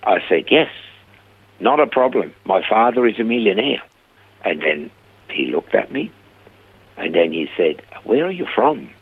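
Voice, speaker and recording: A man's voice: deep voice, animated, a little slow, long pauses, slightly rough, phone-quality sound. An older man with a Swiss accent, telling his life story in an interview and acting out the dialogue. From Switzerland.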